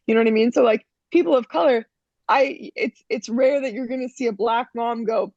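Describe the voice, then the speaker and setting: Frank, emphatic gravelly woman. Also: on the high side, a little fast, a little mellow, no room sound, highs cut off. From Canada. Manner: frank, emphatic, many restarts and "you know". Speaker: interview guest. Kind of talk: casual interview talk.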